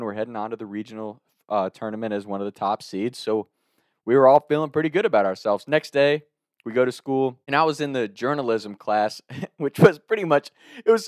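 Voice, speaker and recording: A man's voice: mid-range voice, no room sound, clean studio sound. A man from Northern Kentucky telling a story in a loose, casual way, laughing often and swearing freely.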